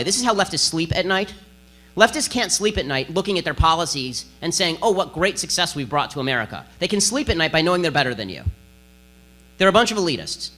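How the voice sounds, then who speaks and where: Man, fast-talking sarcastic lecturer with a slightly high, sharp voice and a faint mains hum. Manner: rapid-fire, combative and sarcastic. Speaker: political speaker giving a lecture. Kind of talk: speech to an audience.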